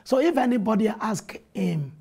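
High-pitched yet darkish and husky, this pastor's voice moves at a moderate pace with plenty of expression. In a TV studio interview he earnestly recounts his faith stories, citing scripture and animating each event.

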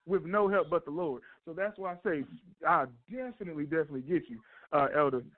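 Male caller, high-pitched, sincere, heard over a thin phone line. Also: expressive, fast. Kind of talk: casual radio call.

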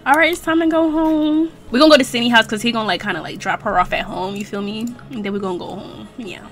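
A young let's-play gamer chats playfully through a life-sim game, laughing often, using slang and swearing, and reading in-game text aloud. Her voice is on the high side and a bit bright, with a steady tone and quick pace.

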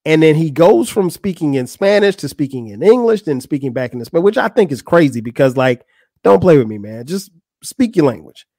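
A man's voice: brisk, no echo, clean studio sound. A man hosting a podcast, telling a funny story in a casual way and acting out the people he quotes. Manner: animated, acts out quotes with rising pitch. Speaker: podcast host.

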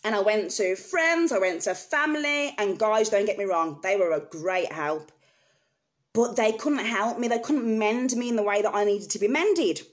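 A woman vlogger with a mid-range, expressive voice speaks to her viewers at a moderate pace. She tells a personal story candidly, in an earnest and emotional way.

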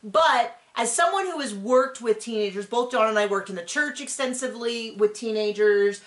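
A middle-aged woman co-hosting a reality show recap, talking in an animated, rambling way and acting out quotes. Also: on the high side, moderate pace. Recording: echoey room.

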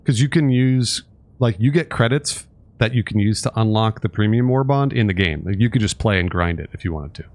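A man's voice: lowish voice, brisk, darkish tone. An American man hosting a game stream in casual chat, teasing his friend and laughing often. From United States. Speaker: streamer, host. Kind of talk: casual chat while gaming.

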